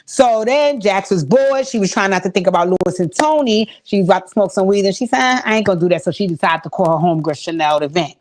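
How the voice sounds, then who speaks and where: A woman hosting a casual TV episode recap, telling it with lots of swearing and animated storytelling, and she speaks directly to her chat. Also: medium pitch, fairly quick, hardly any pauses. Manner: profane, animated storytelling, acts out quotes. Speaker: host.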